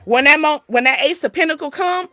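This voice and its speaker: A woman giving a casual, motivational tarot reading, talking in an animated, streetwise way, swearing now and then and checking in with the listener. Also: high voice, a little fast, no echo. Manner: animated, streetwise, with frequent check-ins like "you feel me" and "okay". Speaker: spiritual tarot reader.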